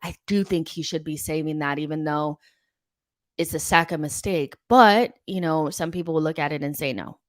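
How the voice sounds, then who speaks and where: A young woman hosts a live football fan show, reading viewer comments and giving frank, blunt opinions. Her voice is low, dry and close with no room sound, at normal speed, and she chats loosely with many ums and likes.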